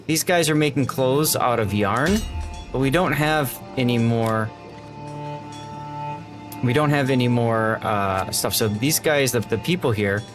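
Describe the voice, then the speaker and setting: Easygoing man streaming a strategy game. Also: mid-range voice. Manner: thinks aloud, greets chat warmly. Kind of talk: casual live-stream gameplay commentary.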